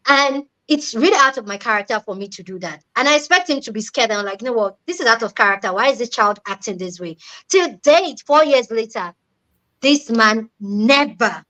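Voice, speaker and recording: A woman's voice: fairly high pitch, animated, moderate pace, bright, forceful tone, rough recording. A young adult woman, not a native English speaker, earnestly telling a personal story in a casual chat and repeating key words for emphasis.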